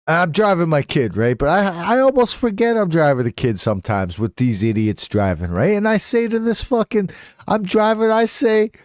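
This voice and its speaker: A man's voice: high voice, lively intonation, moderate pace, no echo, clean studio sound. A young adult man telling stories casually on a live stream, swearing freely and slipping into voices when he quotes people.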